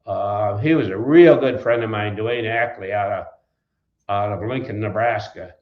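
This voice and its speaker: A man's voice: on the low side, moderate pace. An older man from Wisconsin recalls his early days in a folksy, rambling way. He restarts his sentences and drifts between anecdotes. The room sounds echoey and the recording is a little dull. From Wisconsin, USA. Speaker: trucking company founder, guest. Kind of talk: storytelling in an interview.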